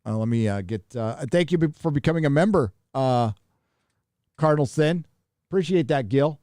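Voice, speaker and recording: A man's voice: fairly high pitch, animated, normal speed, dark tone, no room sound, clean studio sound. Profane, rambling male live-stream host. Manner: rambling, profane, reads chat donations aloud. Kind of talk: casual live-stream chat.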